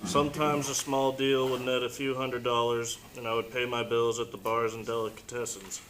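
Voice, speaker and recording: A man reads a passage aloud to a class, steady and unhurried, with no dramatics. There is a faint layer of background noise around his voice. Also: mid-range voice. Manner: steady, plain reading. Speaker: class reader. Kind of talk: reading a text aloud.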